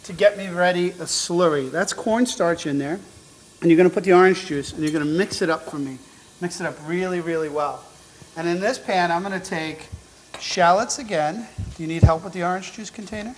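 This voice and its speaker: A man's voice: high voice, moderate pace, slight background noise, poor audio. Chatty, encouraging cooking show host, a man. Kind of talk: upbeat instructional cooking demo. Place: show kitchen at the stove.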